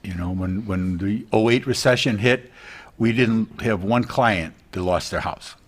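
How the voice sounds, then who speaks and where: A man's voice: fairly low pitch, measured pace. A middle-aged man, a realtor guest, talking earnestly in a casual TV interview, rambling with many restarts.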